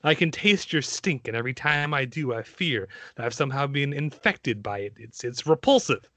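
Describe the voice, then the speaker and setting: A man performing an impression of a cold, menacing male machine agent who despises humans, with a put-on Australian-New Zealand accent and slow, measured delivery. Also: medium pitch, lively intonation, fairly bright tone, natural voice. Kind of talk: dramatic film-monologue impression.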